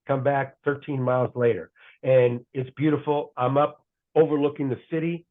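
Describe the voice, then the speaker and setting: A middle-aged man talks through a tinny, phone-like line at an everyday pitch. He wanders through his stories and keeps catching and fixing his own words mid-sentence. It's an easy podcast chat. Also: flat delivery, normal speed. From United States. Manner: rambling, self-correcting anecdotes. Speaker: guest broadcaster. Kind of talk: casual podcast storytelling.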